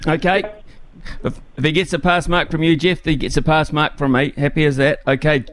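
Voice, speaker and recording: A man's voice: fairly high pitch, fairly even intonation, fairly quick, fairly bright tone. A man with a New Zealand accent hosting a talkback radio show, speaking conversationally with lots of ums and restarts.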